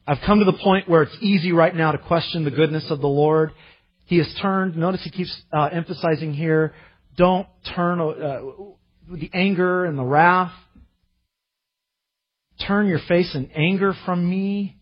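A man preaching a sermon to his church, earnest, rising to loud pleading and dropping to quiet asides. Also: on the high side, steady tone, a little slow, dull audio. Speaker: pastor.

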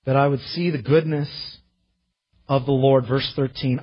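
Earnest husky pastor preaching a sermon. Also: male voice, medium pitch, steady tone, normal speed, dull audio. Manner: earnest, swings from loud pleading to quiet. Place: church.

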